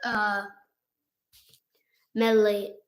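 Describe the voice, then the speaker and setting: A woman reading viewer comments aloud on a livestream, hesitant with many pauses. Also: mid-range voice, level tone. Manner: hesitant, slow, many ums. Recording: roomy echo.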